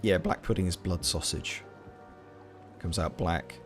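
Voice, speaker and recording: A man's voice: low-pitched, a little slow, faint music behind. A Welsh man chatting casually with his live chat while streaming a video game, rambling through playful tangents. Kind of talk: casual live gameplay commentary.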